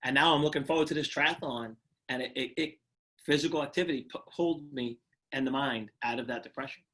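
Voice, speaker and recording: A middle-aged man from Brooklyn, telling his personal story as an interview guest in an earnest, reflective way with halting restarts. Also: medium pitch, a bit bright. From Brooklyn, New York. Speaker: guest, retired firefighter.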